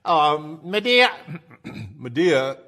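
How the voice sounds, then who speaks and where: Male host doing a mumbled, throat-clearing mocking impression. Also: a little high, very animated, very slow, sharp tone, pitched below the performer's own voice, heavily acted.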